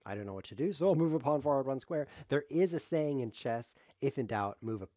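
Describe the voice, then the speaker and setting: A man's voice: a little high, lively intonation, fast talker, mellow, no echo, clean studio sound. A man giving rambling, jokey live commentary on his own chess game, thinking aloud as he streams.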